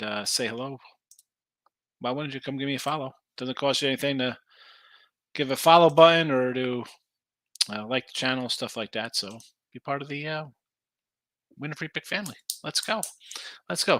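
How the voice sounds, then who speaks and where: A man's voice: mid-range voice, pushed and bright, no room sound. A man hosting a sports betting podcast, chatting in a rambling, jokey way as he reads out viewer comments. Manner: rambling, chatty, self-correcting, jokey asides. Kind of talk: casual chat reading viewer comments.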